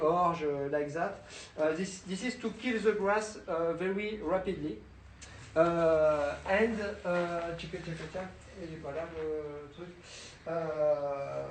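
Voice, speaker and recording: Young French-accented man, high voice, slow hesitant talk, winemaker giving a tour, faint outdoor noise. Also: rough recording. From France. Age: young adult. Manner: halting, many filler sounds and restarts. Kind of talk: casual guided talk. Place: outdoors in a vineyard.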